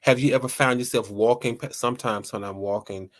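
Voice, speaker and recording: A man's voice: mid-range voice, steady tone, a little fast. A man hosting a talk show, speaking lightheartedly to his listeners and often restarting and repeating words as he rambles. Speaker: host.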